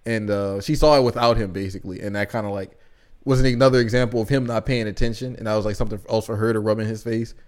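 A man's voice: fairly low pitch, fast talker. A young man co-hosting a podcast, casually and animatedly retelling a play he acted in, with lots of "like" fillers. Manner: animated storyteller, many "like" fillers. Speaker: podcast co-host. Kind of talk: casual chat, recapping a play.

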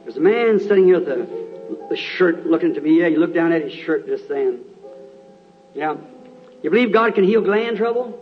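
A man's voice: on the high side, lively intonation, normal speed, long pauses, dull audio, faint music behind. A man preaching at a healing service, earnestly calling out to people in the congregation. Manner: earnest, calls out to people in the crowd.

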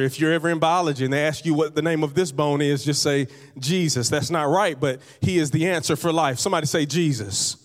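A man pastor preaching a sermon to his congregation, conversational, with repeated phrases and light humor. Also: fairly high pitch. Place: church hall. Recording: long reverb of a large hall.

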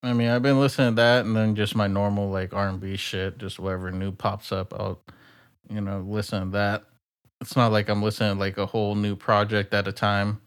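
A fairly low-voiced man co-hosting a casual podcast. He laughs and swears freely, and his talk is relaxed and rambling. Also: fairly quick, clear, resonant tone. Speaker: podcast co-host. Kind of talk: casual comedic chat.

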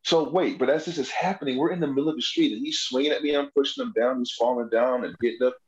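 A man's voice: medium pitch, fast, dull audio. A man on a comedy podcast telling road and prison stories in casual, profane chat, acting out the voices of people in them. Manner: animated, profane, acts out quoted voices. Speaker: comedian guest.

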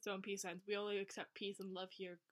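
A young woman co-hosting a podcast, reading a fan fiction aloud with lots of laughter and over-the-top excitement. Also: medium pitch, fast. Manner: animated, laughs often, reads story lines with exaggerated excitement. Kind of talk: casual chat and dramatic reading.

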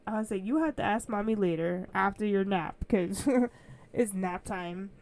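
A young woman co-hosting a casual podcast, telling stories in an animated way and acting out what people said. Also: medium pitch, normal speed. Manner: animated storytelling, acts out quotes. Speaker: podcast co-host. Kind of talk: casual chat.

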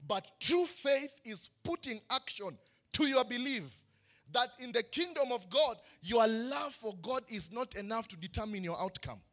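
A man's voice: extremely high pitch, animated, measured pace, a bit bright. A male pastor preaching a sermon, building emphatic questions and answering them himself. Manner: preaching with rising emphatic questions and call-and-response.

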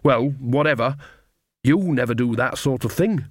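A man's voice: mid-range voice, moderate pace, dry recording, studio quality, close to an everyday voice. A man reading an audiobook, voicing a chatty, homely old witch woman. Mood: cheery.

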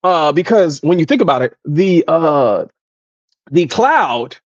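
A man mimicking a fast-talking male coworker who rambles through buzzwords full of fillers. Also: on the high side, sing-song, no echo, muffled recording, full character voice. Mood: rambling. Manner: rapid, filler-heavy rambling.

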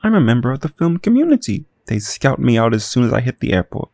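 A man's voice: mid-range voice, big pitch swings, fast, darkish tone, no room sound. A man voicing a wealthy Hollywood man who talks with urgent worry in an audio drama.

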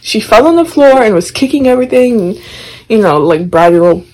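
A young woman with a husky, slightly breathy voice tells a story on a casual podcast. Her pitch swings widely as she talks, lively and expressive. She is animated and profane, laughing as she goes. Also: fairly quick, rough recording. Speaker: podcast co-host.

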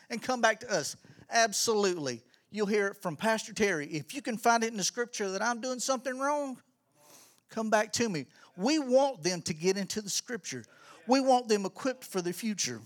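High-voiced, fervent male church speaker. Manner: energetic, preacherly, with rising shouts. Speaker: children's ministry pastor. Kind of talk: church talk from the pulpit.

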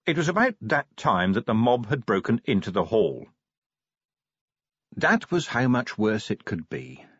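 A man narrating an audiobook in an expressive reading style. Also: fairly low pitch, unhurried, slightly rough, no echo, lo-fi sound. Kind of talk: scripted narration.

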